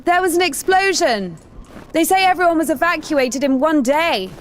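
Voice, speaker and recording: A woman voicing a young nun in a video game, speaking plainly and quietly. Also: high voice, expressive, moderate pace, a little hiss or hum. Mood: earnest. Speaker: game character.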